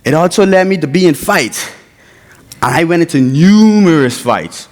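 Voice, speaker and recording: A man's voice: a little high, lively intonation, normal speed, darkish tone. Young Bahamian man telling his story in a chapel hall. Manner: storytelling, acts out quoted voices, informal grammar. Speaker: chapel speaker. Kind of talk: personal testimony speech. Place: college chapel. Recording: long hall reverb.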